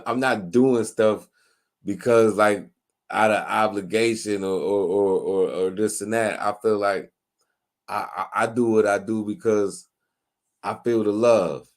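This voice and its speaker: Halting low-voiced man hosting a live stream. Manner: halting, many restarts and fillers, reads out viewer comments. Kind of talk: casual live stream chat.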